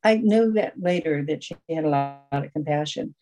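A woman's voice: low-pitched, moderate pace, rough recording. Rambling woman sharing her story. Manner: rambling storyteller, full of fillers. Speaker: recovery meeting speaker. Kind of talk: personal story share at a support group meeting. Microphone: video call.

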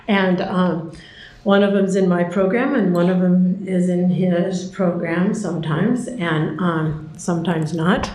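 A woman's voice: mid-range voice, a little mellow. Chatty older woman in an echoey hall. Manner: chatty and self-deprecating, laughing often, with many ums. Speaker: speaker sharing at a recovery meeting. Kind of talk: personal recovery talk. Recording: very echoey hall with faint noise.

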